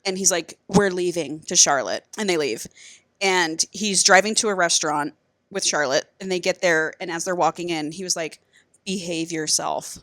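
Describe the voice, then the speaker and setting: A woman's voice: on the low side, fairly even intonation, normal speed, a bit bright, no echo. A woman co-hosting a podcast, retelling a book plot in casual chat and acting out the characters' lines. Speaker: podcast co-host.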